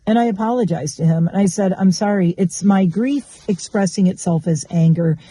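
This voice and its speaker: A woman's voice: medium pitch, moderate pace, hardly any pauses, dark tone, dry recording. A woman vlogger in casual chat, talking candidly and bluntly and swearing freely.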